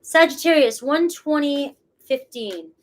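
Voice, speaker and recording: A woman's voice: high-pitched, lively intonation, unhurried. A woman with a Boston accent, reading tarot cards live in a casual, chatty way and swearing freely. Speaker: tarot reader.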